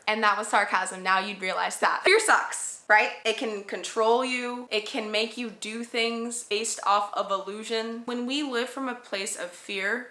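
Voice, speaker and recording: A young woman with a fairly high, very bright voice talks to camera in a chatty, emphatic way and slips in playful sarcastic jokes. She sounds like a spiritual healing teacher giving a casual lesson. Her voice rings around an echoey room.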